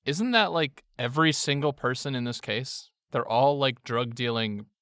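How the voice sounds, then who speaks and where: A man's voice: mid-range voice, normal speed, fairly bright tone, smooth, dry recording, studio quality. A man co-hosting a true-crime podcast, jokey and laughing often, putting on silly voices. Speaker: podcast co-host.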